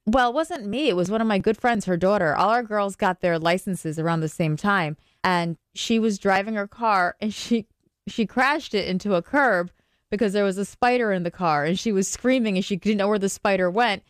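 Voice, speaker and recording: A woman's voice: medium pitch, moderate pace, smooth, dry recording, clean studio sound. A woman in her forties co-hosting a radio show, telling stories in a chatty way and laughing often. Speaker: radio co-host. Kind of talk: casual radio chat.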